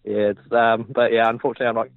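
A man's voice: mid-range voice, flat delivery, racing, no room sound. A man calling into a stream, chatting in an easygoing, rambling way. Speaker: caller. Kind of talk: casual chat. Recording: tinny dry phone line.

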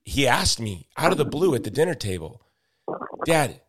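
A man hosts a conversational interview, earnest and open. His pitch and delivery are ordinary, and he feels his way into personal questions. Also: sing-song, fairly bright tone. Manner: earnest, asks personal questions with halting restarts. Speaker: podcast host.

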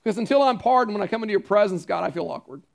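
A high-pitched man preaches a sermon as pastor. He is earnest and emphatic, leans on repetition, and breaks into friendly asides to the congregation. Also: animated, rapid-fire, vocal fry.

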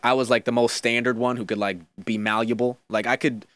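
Young man, podcast guest, animated chatty delivery, dry close sound. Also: medium pitch, a little fast, dry recording. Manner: animated, lots of fillers and quoted voices. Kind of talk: casual podcast chat.

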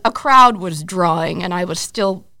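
A woman in her forties telling animated stories as a guest in a casual interview, acting out quotes and laughing often. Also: lowish voice, unhurried. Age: 40s. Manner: lively, animated storyteller who acts out quotes and laughs often.

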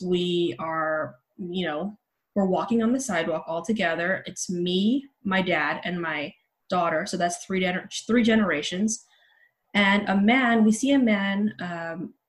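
Over a remote call, a journalist in her thirties from Los Angeles appears as a podcast guest. She tells a personal story candidly in a medium-pitched voice, dropping in casual fillers often.

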